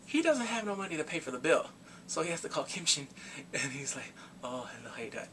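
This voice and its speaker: Male vlogger, slightly higher voice, bright and forceful, lively storyteller, faint room hum. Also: brisk. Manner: animated storyteller, acts out reactions with gasps and laughs. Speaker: K-drama reviewer. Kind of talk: casual recap vlog.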